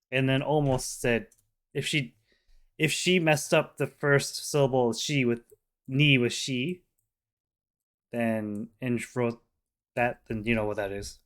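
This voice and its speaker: A man hosting a casual reaction video, explaining slowly with plenty of fillers into a desk microphone. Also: mid-range voice, fairly bright tone, clear, resonant tone.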